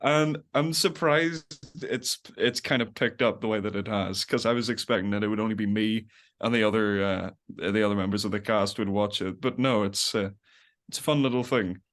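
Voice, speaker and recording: A man's voice: on the low side, moderate pace, fairly bright tone. A young man as a podcast guest, rambling in casual chat, laughing often and acting out little quotes. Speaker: podcast guest, web series creator.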